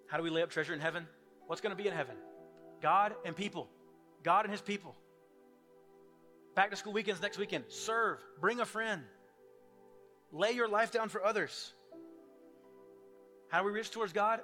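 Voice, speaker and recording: A male pastor delivering a sermon in a high, bright voice. He swings from loud, urgent pleading to hushed, near-whispered appeals. Soft music plays quietly behind him. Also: normal speed, long pauses.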